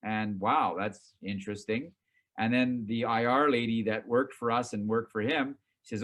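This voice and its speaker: A middle-aged man recounts his career in a loose, conversational way. He is animated and pokes fun at himself, and he acts out what he said and thought back then. His voice sits at an ordinary pitch for a man. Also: a little fast. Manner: animated, self-mocking, acts out his past reactions. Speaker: company chairman and CEO. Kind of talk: casual storytelling in an interview.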